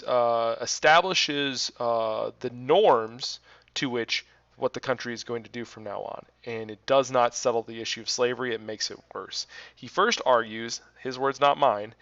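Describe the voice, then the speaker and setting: A man teaching history as a story, animated and dramatic, with big swings in loudness. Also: medium pitch, creaky. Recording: dull lo-fi recording.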